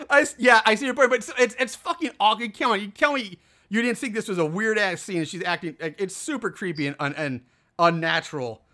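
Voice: mid-range voice, a little fast. A co-host casually retelling a film's plot, swearing often and sounding exasperated at what happens. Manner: profane, animated, exasperated retelling. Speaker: podcast co-host. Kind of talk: casual movie recap chat.

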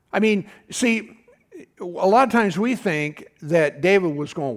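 Animated male preacher, high-pitched voice. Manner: animated preacher, calls to the congregation, pitch jumps high for emphasis; halting restarts and fillers. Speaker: pastor. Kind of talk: sermon.

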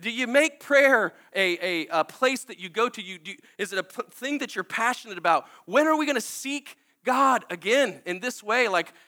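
High bright-voiced earnest male preacher. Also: expressive, normal speed, few pauses. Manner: emotional, tearful at times, candid and earnest with frequent restarts. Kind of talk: sermon.

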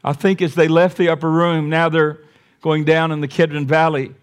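Male pastor, slightly high voice, sermon delivery: soft reflection building to emphatic repeated refrains. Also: level tone, normal speed, clear, resonant tone. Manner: preaching with big swings from quiet to raised, emphatic repetition.

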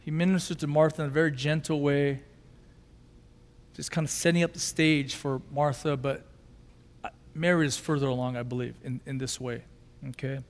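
Male pastor, high voice, emotive sermon delivery, long hall reverb. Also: fairly even intonation, normal speed, long pauses. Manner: emotive preaching, swinging from loud intensity to quiet softness.

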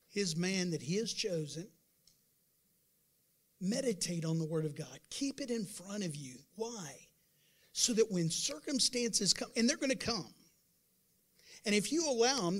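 High-voiced man preaching a lively sermon. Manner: emphatic preaching with sudden loud bursts and calls to the congregation; conversational, acts out doubters' voices. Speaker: pastor.

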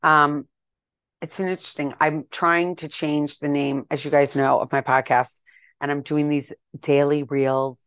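Middle-aged lady rambling on her podcast, lowish voice, dead dry sound. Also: little pitch movement, unhurried, a bit bright, smooth, no echo. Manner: chatty, rambling, self-deprecating, acts out quoted exchanges. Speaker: podcast host. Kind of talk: casual solo podcast monologue.

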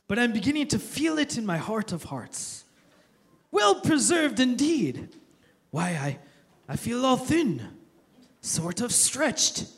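A man voicing a weary, wistful old male hobbit, speaking in a halting, wavering way with small chuckles during a sermon. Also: high-pitched, heavily acted. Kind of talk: impression within a sermon.

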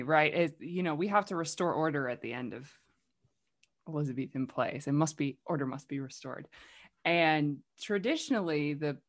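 A woman with a low voice discusses theater in relaxed conversation. She speaks thoughtfully and presses her point with gentle emphasis. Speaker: theater practitioner discussing a production. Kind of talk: casual conversation about a play.

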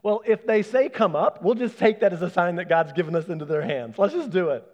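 A man preaching a sermon as pastor, animated, acting out the voices he quotes. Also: sits high, brisk, dull audio.

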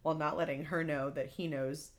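A woman's voice: low-pitched, steady tone, brisk, slight background noise. Chatty woman podcast co-host. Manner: chatty, lots of "like", acts out quotes. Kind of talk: casual chat.

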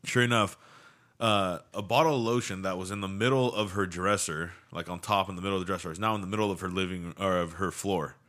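A man casually telling a ghost story on a podcast, animated and swearing freely. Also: sits low, fast talker.

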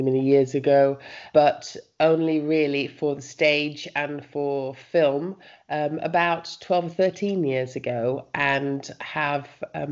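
Brief: low-pitched woman guest on a podcast, reflective and a little hesitant, muffled lo-fi recording. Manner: reflective, with some hesitant ums. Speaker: writer and director guest. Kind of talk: podcast interview.

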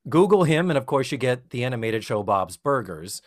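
A man's voice: mid-range voice, big pitch swings, a little fast. Casting: fifties man from Massachusetts, podcast co-host, chatty and joking, easy pace. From South Shore of Massachusetts. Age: 50s. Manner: chatty, joking, reading from notes. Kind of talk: casual chat.

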